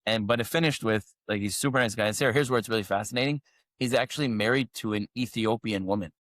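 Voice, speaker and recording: This male co-host's voice sits on the low side and is a bit bright, and he talks fast. In a casual podcast chat he tells a meandering story packed with fillers and restarts, captured in clean studio sound with no room sound.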